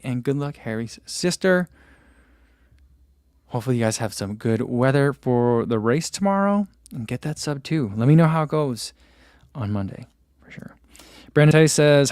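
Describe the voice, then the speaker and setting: A man from New Jersey hosting a running livestream, reading out viewer questions and answering in a relaxed, rambling way with lots of fillers. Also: medium pitch, no echo, studio quality. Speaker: running channel host.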